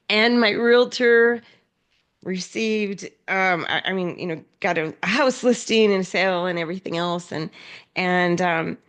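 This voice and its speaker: A woman speaking at a business event, with a slightly low voice. She tells her stories with animation, jumping into the voices of the people she quotes. Her talk is loose, full of fillers and restarts. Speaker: conference speaker. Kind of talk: storytelling keynote talk.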